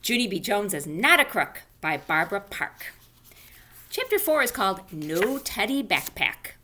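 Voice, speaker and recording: Bright, sing-song woman teaching young kids. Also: mid-range voice, slight background noise. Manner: animated, sing-song, speaks slowly to children. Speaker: elementary school teacher. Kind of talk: online class for young children with read-aloud. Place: home room.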